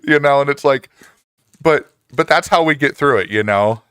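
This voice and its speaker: A man in his forties casually chatting with viewers on a live stream, reading their messages, laughing often and jumping up in pitch when excited. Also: normal speed, clear, resonant tone, no room sound, clean studio sound.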